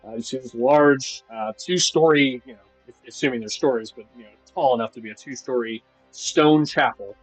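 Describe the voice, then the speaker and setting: A man's voice: medium pitch, a little fast, few pauses, husky, rough recording. Man narrating a tabletop game. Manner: descriptive, with frequent fillers and restarts. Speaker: game master. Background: faint music.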